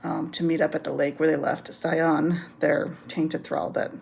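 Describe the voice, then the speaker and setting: A woman's voice: low voice, level tone, a little slow, creaky, darkish tone. A woman giving a casual, rambling recap of a book's plot, with frequent ums and laughter. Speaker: book reviewer. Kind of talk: casual spoken book recap.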